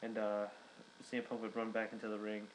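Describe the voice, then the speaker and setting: A man's voice: lowish voice, completely flat delivery, brisk, a little hiss or hum, rough recording. A young man giving a casual recap, rambling with many fillers and restarts. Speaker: wrestling reviewer.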